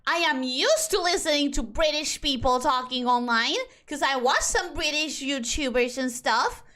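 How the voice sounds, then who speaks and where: A woman's voice: sits high, moderate pace, sharp tone. A young woman whose first language is Spanish, chatting casually and animatedly while streaming a game, rambling as she talks. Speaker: VTuber streamer.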